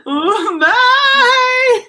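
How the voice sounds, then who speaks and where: A woman's voice: extremely high pitch, drawn-out words, full character voice. A woman voicing a giddy, shrieking sausage roller coaster in live improv comedy. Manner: shrieking, excitable. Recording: noisy live stream.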